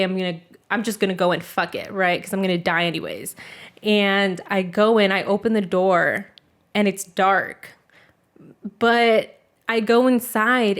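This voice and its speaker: A young woman in casual chat, telling a story at length. She leans on "like" constantly and swears without a second thought. Her voice sits in a middle pitch.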